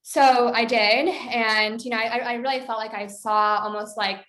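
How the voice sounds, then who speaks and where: A woman's voice: on the high side, steady tone, unhurried, a bit bright, roomy sound. A woman film director telling a story in a casual interview, chatty, with many fillers. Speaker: documentary director.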